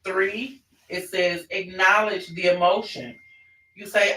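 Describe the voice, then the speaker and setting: A man's voice: high-pitched, steady tone, slow, sharp tone. A man presenting an online parenting class in a conversational way, often restarting his sentences. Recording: roomy, distant mic.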